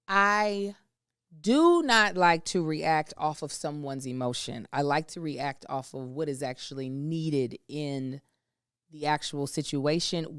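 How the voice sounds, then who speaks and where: Woman, 30s, podcast co-host, low smooth voice, dry sound, frank storyteller. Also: no room sound. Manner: candid, emphatic storyteller. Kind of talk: casual chat.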